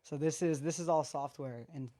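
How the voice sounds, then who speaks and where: A guest speaker calmly explaining practical studio gear in a casual video call chat. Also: medium pitch, moderate pace. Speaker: guest expert. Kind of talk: casual tech advice chat.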